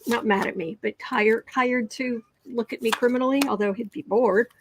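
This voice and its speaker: A woman's voice: fairly high pitch, steady tone, moderate pace, noisy background. An American woman hosting a casual tarot livestream, reading viewer comments aloud and sometimes dropping to a whisper. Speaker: tarot reader and livestream host.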